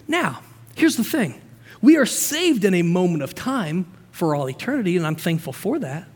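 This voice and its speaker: A man preaching a sermon as pastor, energetic and conversational, with asides and frequent restarts. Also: high voice. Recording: long hall reverb.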